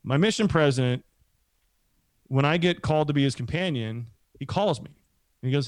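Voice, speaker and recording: A man's voice: a little high, a little fast, pauses often, no echo. A middle-aged man telling a long story in a casual, rambling way, acting out what other people said. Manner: rambling, animated, acts out quoted voices.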